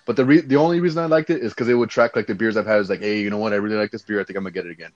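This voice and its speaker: A man's voice: lowish voice, very fast, darkish tone, lo-fi sound. A young man from Texas with a Mexican-American accent, rambling in casual chat, saying dude a lot and swearing freely.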